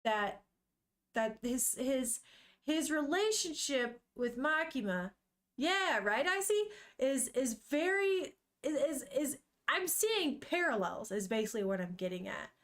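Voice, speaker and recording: A woman's voice: high voice, sing-song, unhurried. A young woman on a live stream, chatting casually with viewers while reading a manga aloud and swearing now and then. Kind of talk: casual live-stream chat and read-along.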